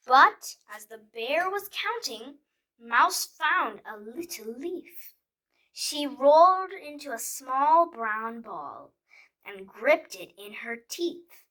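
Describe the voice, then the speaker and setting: A woman reading a rhyming children's storybook aloud in a slow, expressive, sing-song way. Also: fairly high pitch. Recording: voice a bit distant, faint music behind.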